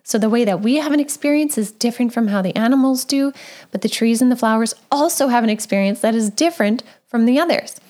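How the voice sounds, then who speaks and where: A woman with a high voice talks through parenting advice in a casual, gentle way. Her speech is loose and conversational, full of "like" and quick asides. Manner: gentle, conversational, with frequent "like" and "right?".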